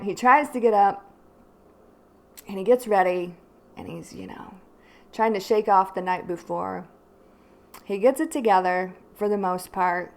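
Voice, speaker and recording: A woman hosting her own channel, casually telling a rambling personal story to viewers, full of "like" and "you know". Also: medium pitch. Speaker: tarot reader and channel host.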